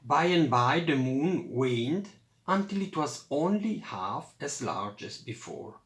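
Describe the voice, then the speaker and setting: A man reading a children's picture book aloud in a lively storytelling voice. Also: medium pitch, slow pace, reverberant.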